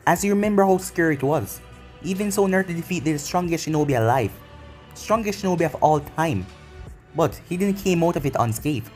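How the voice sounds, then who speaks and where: A man's voice: a little high, expressive, a little fast, darkish tone, soft background music, lightly acted. A man reading as a stern male healer.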